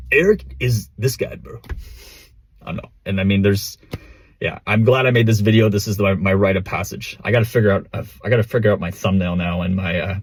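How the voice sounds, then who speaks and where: A man's voice: lowish voice, slightly rough, dry recording. A man vlogging casually to camera, rambling with restarts and calling people "bro", recorded without a proper mic. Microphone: built-in camera or phone mic.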